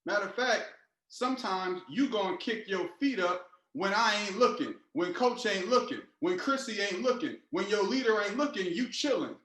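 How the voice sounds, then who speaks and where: High-voiced, fired-up motivational man. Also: moderate pace, reverberant. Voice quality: energetic, preachy, repetitive. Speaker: team leader and trading mentor. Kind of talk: motivational team call.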